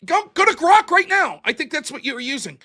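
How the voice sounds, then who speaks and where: A man's voice: very high-pitched, very animated, brisk, sharp tone. A man arguing in a debate, profane and rambling, acting out little quoted voices as he goes. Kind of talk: heated debate talk.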